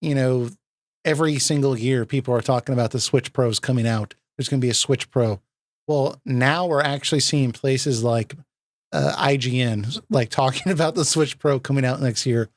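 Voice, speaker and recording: A man hosting a casual gaming podcast, enthusiastic and laughing often, with quick asides. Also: mid-range voice, no room sound. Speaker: podcast host.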